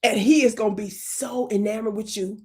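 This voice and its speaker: A woman hosting a comedic livestream, talking to her viewers in an animated, playful way, with sudden whispers and slow, drawn-out words. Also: mid-range voice. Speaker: channel host.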